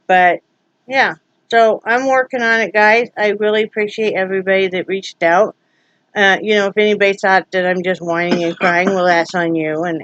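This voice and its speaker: A woman's voice: on the low side, a bit bright, muffled recording. A woman vlogging from home in a casual, rambling way, joking and full of fillers. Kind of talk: casual vlog chat.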